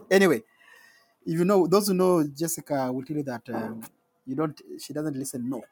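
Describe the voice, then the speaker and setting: A man with a Kenyan accent, a guest telling stories in an interview, animated and often repeating words and laughing. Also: on the high side, normal speed, husky. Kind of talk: storytelling in conversation.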